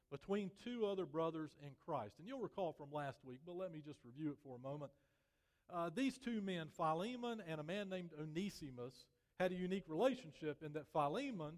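A man preaching a sermon as pastor, measured and earnest, letting his voice fall softly at the ends of phrases. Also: on the high side. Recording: long reverb of a church hall.

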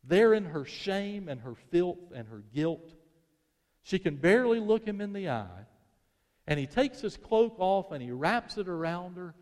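A male preacher telling a sermon story dramatically, swelling to intensity and then dropping to a hush. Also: high-pitched. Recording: long reverb of a large hall.

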